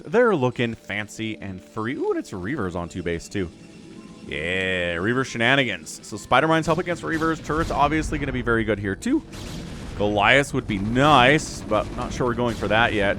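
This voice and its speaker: A man giving casual esports commentary as caster, chatty and rambling, getting excitable at the action. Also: medium pitch. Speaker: game caster.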